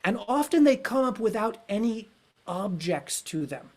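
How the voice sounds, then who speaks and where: A man hosting a podcast, talking through his ideas in a frank, rambling, searching way. He swears casually and circles back on his thoughts, keeping it relaxed and conversational. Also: high voice, moderate pace. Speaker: podcast host.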